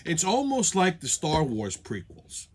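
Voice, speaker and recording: Animated, profane male comedic ranter. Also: fairly high pitch, a little slow. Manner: profane, sarcastic and rambling. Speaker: show host. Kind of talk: comedic rant.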